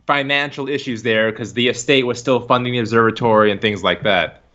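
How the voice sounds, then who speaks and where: Male podcast host; excitable rambler, bright tone, lo-fi stream audio. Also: mid-range voice, fairly quick. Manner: rambling, excitable, laughs a lot. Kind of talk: casual chat. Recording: dull lo-fi stream recording.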